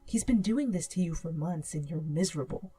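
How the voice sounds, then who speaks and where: A woman's voice: on the low side, animated, a little fast, mellow, husky, faint music behind. A woman voicing a blunt, matter-of-fact teenage girl talking to a friend on the phone.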